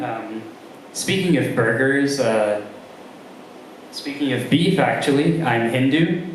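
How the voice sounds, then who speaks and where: A young man doing a stand-up comedy set, talking haltingly with many ums and restarts. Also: medium pitch, far from the mic, slight background noise. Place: comedy club room with a live audience. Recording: very roomy live room sound.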